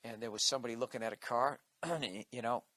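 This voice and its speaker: Brief: male comedian ranting hard and swearing, sharp bright tone, dry close sound. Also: mid-range voice, quick pace, no echo. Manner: profane, combative ranting. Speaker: comedian podcast host. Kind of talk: comedic rant.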